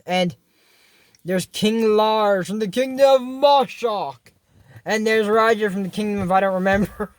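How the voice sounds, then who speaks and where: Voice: medium pitch, measured pace, no echo. A YouTuber recapping a cartoon episode in casual commentary, rambling and correcting their own slips.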